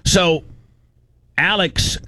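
A man's voice: high-pitched, very slow, sharp tone, dry recording. Man, radio talk host, blunt, heated, swears, dry studio mic. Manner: blunt, heated storytelling with profanity.

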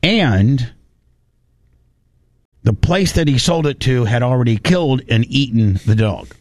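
A man's voice: medium pitch, measured pace, no room sound. Guy hosting a chat show, gets all worked up, says things three times, dry close sound. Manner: excitable, repeats words, stumbles and restarts. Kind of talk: casual chat, retelling a video story.

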